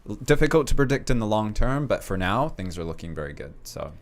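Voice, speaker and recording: Casting: man, lower voice, calm and reassuring explainer on a live stream. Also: quick pace. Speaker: co-host explaining shipping.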